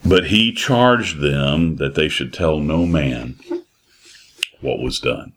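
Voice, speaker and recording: A man preaching a sermon in a slow, emphatic way, repeating his phrases. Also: very deep voice.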